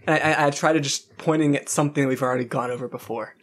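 Breathy woman player stumbling over her words, flustered. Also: very deep voice, fairly even intonation, racing, hardly any pauses. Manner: stammering, giggly, flustered. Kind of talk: casual tabletop role-play.

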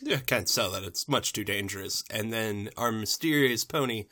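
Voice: medium pitch, moderate pace, sharp tone. A podcast co-host chatting casually and joking while recapping a cartoon. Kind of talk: casual chat.

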